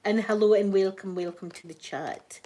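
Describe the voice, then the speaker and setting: A woman's voice: medium pitch, steady tone, normal speed, mellow. A Scottish woman chatting casually on a live stream, rambling through stories and laughing often. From Scotland. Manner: chatty, rambling storyteller who laughs a lot.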